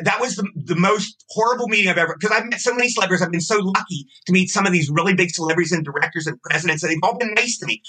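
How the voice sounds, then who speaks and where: A man's voice: sits high, sharp tone, breathy edge, low-quality recording. A man in his sixties, a guest actor, telling stories in a casual interview with gushing enthusiasm.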